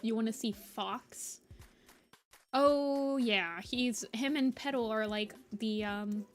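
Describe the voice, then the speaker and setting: A woman's voice: a little high, takes it slowly. A young adult woman chatting casually with viewers while she draws, rambling with many fillers. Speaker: art streamer. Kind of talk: casual chat while drawing. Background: soft background music.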